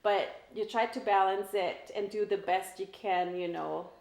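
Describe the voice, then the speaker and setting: A woman's voice: medium pitch, steady tone, measured pace, creaky, darkish tone. A middle-aged woman with an El Paso Texas accent, a guest talking casually and emotionally, laughing often. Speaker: guest, realtor. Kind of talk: casual interview chat. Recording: echoey room.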